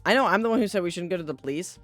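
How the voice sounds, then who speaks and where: A woman's voice: fairly low pitch, lively intonation, racing, fairly bright tone, soft background music. A young woman streaming a game, making casual, wry asides with some swearing. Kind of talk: let's play commentary.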